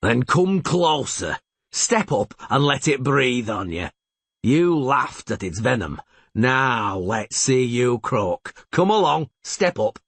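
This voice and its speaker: A man's voice: medium pitch, sing-song, takes it slowly, fairly bright tone, no echo, heavily acted. A man reading an audiobook and voicing a pockmarked fairground showman who blusters and wheedles at the crowd. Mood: flustered, blustering.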